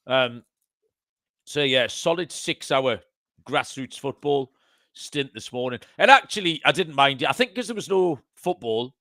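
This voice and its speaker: A man's voice: mid-range voice, sharp tone, dry recording, clean studio sound. A man hosting a podcast, chatting casually and amusing himself with his own banter. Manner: chatty, self-amused banter. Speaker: podcast host.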